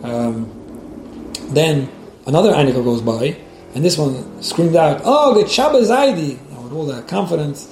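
A man teaches a class on child education, weaving stories into his lecture and often repeating words as he restarts. His medium-pitched, dark voice moves at a moderate pace, recorded in an echoey room with faint background hiss.

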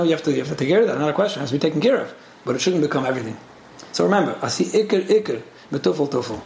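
A man teaching a casual Torah lesson as a rabbi, talking quickly with frequent restarts and many Hebrew and Yiddish terms. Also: a little high, creaky, darkish tone. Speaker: rabbi teaching a weekly class. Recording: echoey room with faint background noise.

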